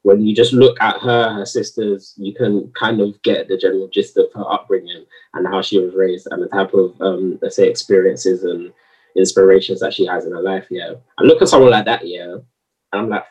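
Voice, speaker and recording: A man's voice: sits low, normal speed, breathy edge, far from the mic, highs cut off. A man in a heated, slangy podcast discussion, arguing his point. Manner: animated, slangy, argumentative.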